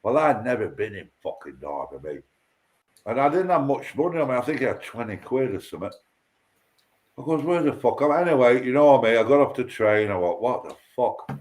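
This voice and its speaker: A man chatting on a livestream panel. He talks in a blunt, profane, rambling way, telling stories at a middling pitch. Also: very animated, brisk. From Lancashire. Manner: loud, profane ranting and storytelling. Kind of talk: casual chat.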